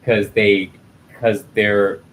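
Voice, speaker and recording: A man hosting a casual chat while stretching, animated and acting out the voices he quotes. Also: fairly low pitch, drawn-out words, slight background noise. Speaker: host.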